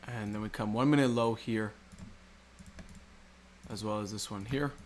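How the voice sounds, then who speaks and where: Speaking at a measured pace, a man with a fairly low, fairly even voice explains trading while stepping through a chart on screen. He leans on rhetorical questions and restates key points, and a faint hiss or hum runs underneath.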